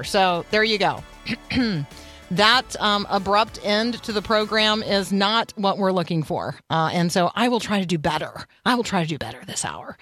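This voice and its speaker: A woman's voice: mid-range voice, sharp tone. A woman hosting a Christian morning radio show from a studio. She talks in a chatty, reflective way, with frequent "um" and "like". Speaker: radio host.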